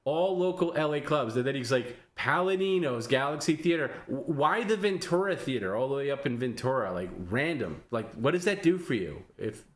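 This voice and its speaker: A man's voice: mid-range voice, lively intonation, moderate pace, few pauses. A man hosting a live stream, teasing his guest and laughing often. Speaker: stream host. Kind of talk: casual live stream banter.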